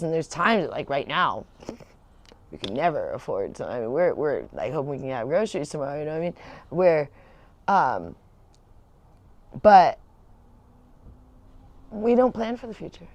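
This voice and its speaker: A woman's voice: sits low, a little mellow, dry recording. A woman host telling rambling personal stories in casual chat, laughing often. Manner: rambling storytelling with frequent laughs. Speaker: channel host.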